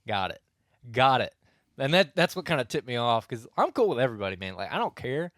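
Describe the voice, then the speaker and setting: A man's voice: mid-range voice, very animated, fast talker, a bit bright, dry recording, clean studio sound. Rambling man telling a hunting story. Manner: rambling storyteller, many restarts and asides. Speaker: podcast co-host. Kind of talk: casual hunting podcast chat.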